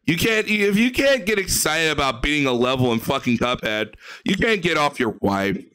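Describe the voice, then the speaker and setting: A man heckles gameplay footage in a profane, sarcastic rant. His voice is bright and crisp and sits a little high. He sounds like a reaction host tearing into what he watches. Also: sing-song, moderate pace. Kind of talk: mocking commentary over gameplay.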